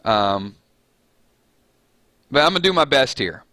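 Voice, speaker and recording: Bright, chatty Southern man. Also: medium pitch, very animated, unhurried, no echo. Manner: chatty, reads viewer comments aloud, joking and self-mocking. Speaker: live chat host. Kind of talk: casual live-stream chat.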